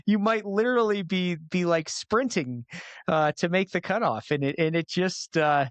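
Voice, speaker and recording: A man's voice: high voice, moderate pace, clean tone, no room sound. A man hosting a podcast interview, talking enthusiastically in a casual chat with frequent restarts. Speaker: podcast host.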